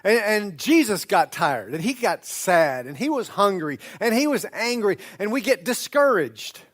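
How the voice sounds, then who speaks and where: In a church sanctuary, a male pastor whose voice sits high and moves through big pitch swings preaches in a conversational manner. Key words get drawn out for emphasis, and he restarts his sentences often.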